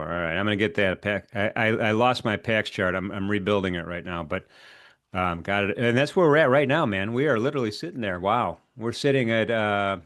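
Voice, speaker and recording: A man with a Chicago accent hosting a trading show, chatting casually and stammering through quick reactions. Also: fairly low pitch, fairly bright tone, dry recording, studio quality. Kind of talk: casual market talk.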